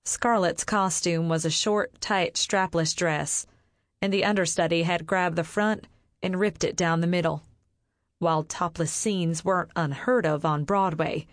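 A woman reading a novel aloud in a steady, measured storytelling voice. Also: fairly low pitch, dry recording, studio quality. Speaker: audiobook narrator. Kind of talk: scripted narration.

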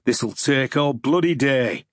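A man voicing a surly, tough male soldier officer who talks in a gruff, grumbling way. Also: fairly low pitch, measured pace, no room sound, clean studio sound.

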